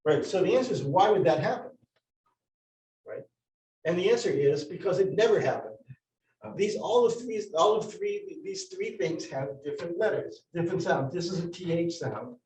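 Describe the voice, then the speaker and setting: Male teacher at a board, slightly high voice, roomy classroom sound from across the room; halting, questioning delivery. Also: animated, darkish tone. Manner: explains step by step with many restarts and questions to the class. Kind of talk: classroom lesson. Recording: roomy, from far off the mic.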